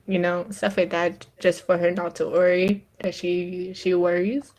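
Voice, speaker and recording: A woman's voice: fairly low pitch, fairly even intonation, moderate pace, hardly any pauses. Chatty young woman telling family stories. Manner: chatty storyteller, laughs often, quotes her mom. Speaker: podcast co-host. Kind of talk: casual chat.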